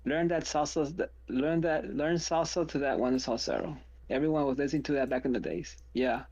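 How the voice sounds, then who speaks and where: A man's voice: mid-range voice, fairly quick, a little mellow, muffled recording. A man chatting casually on a live stream, rambling through asides and reading jokes out.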